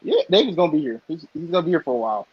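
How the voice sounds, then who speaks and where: Lively man on a dull lo-fi track. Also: on the high side, racing, husky, no echo. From Michigan. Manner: lively storyteller, playful teasing. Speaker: podcast co-host. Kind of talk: casual chat. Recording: dull lo-fi podcast audio.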